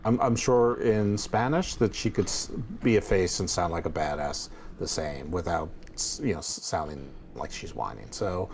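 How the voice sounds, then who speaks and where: A man's voice: low voice, lively intonation, moderate pace, vocal fry, hardly any pauses, darkish tone, slight background noise. A man co-hosting a casual wrestling chat, blunt with dry sarcastic asides. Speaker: podcast co-host.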